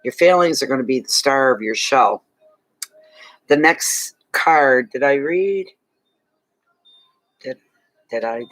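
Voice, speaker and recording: A man's voice: mid-range voice, animated, slow, pauses often, fairly bright tone, no echo, low-quality recording. A man giving a casual monthly tarot reading to his viewers, chatty and rambling, with many asides and restarts, tired and yawning. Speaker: tarot reader.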